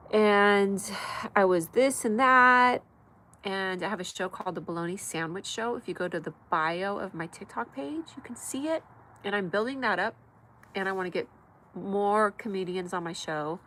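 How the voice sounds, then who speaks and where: An American woman with a stuffy nose, chatting fast and casually while hosting her live comedy stream from home. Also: medium pitch, fairly bright tone, rough recording. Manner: fast, chatty, talks to pets and viewers.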